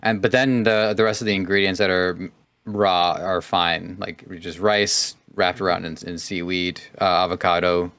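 Deep-voiced man explaining haltingly. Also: fairly even intonation, a bit bright, clean tone, no room sound. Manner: halting, filler-heavy explaining. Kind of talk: casual podcast chat.

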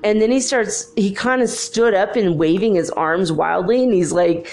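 A woman's voice: mid-range voice, moderate pace, darkish tone. A woman talking in a casual vlog monologue, rambling through a story with lots of filler words.

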